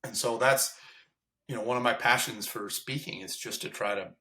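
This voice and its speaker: A fire captain in a candid podcast interview, speaking in an earnest, impassioned way. His voice is bright and forceful and sits at an ordinary pitch for a man. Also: moderate pace.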